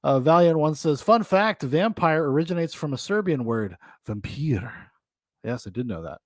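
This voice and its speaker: A man hosts a podcast in loose, rambling chat and laughs often. His voice sits a bit high. The sound is close and dry. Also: sing-song, fairly quick, dry recording. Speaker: podcast host. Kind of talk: casual chat.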